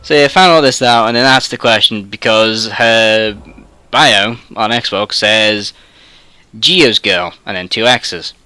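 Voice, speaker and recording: A man's voice: on the low side, takes it slowly, pushed and bright, no echo. A young Englishman ranting on his gaming channel, rambling and sweary, full of filler words and trailing asides. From England. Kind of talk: ranting monologue.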